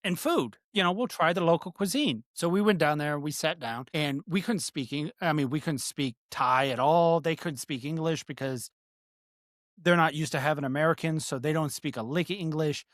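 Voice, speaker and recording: A man's voice: a little high, normal speed, fairly bright tone, no echo, studio quality. A man co-hosting a podcast, telling a long, rambling story in casual chat with casual swearing. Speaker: podcast co-host.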